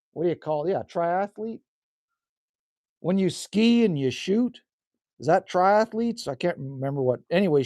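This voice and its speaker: A man with a medium-pitched, slightly mellow voice chats on a live stream outside a cabin in the cold. He reads out comments from viewers and responds in a relaxed, wandering way. The audio is studio quality with no room sound.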